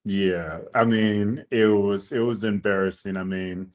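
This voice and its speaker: A man's voice: lowish voice, steady tone, unhurried, a little mellow. A man hosting a podcast, casually telling a long story in slangy talk, acting out the quotes. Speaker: podcast host.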